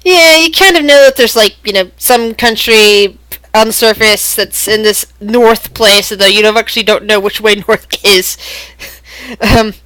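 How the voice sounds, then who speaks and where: A woman's voice: mid-range voice, a little slow, fairly bright tone, dry recording, low-quality recording. Chatty woman game master. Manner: chatty, rambling, laughs often. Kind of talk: narrating a tabletop game online.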